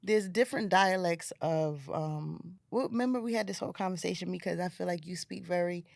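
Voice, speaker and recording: A woman's voice: fairly low pitch, a little fast, creaky, darkish tone, no room sound. An American woman hosting a podcast, chatting casually and animatedly with a friend and acting out little quotes. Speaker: podcast host. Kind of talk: casual friendly interview chat.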